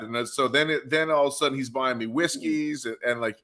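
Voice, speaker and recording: A man from Carolina, hosting a podcast, telling a story in an animated way full of fillers. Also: medium pitch, fairly quick. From Carolina, USA. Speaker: podcast host. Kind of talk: casual chat.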